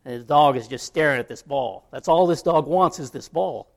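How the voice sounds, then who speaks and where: A man's voice: on the high side, moderate pace, vocal fry. A man preaching a sermon, telling an illustration story in a conversational way. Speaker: pastor.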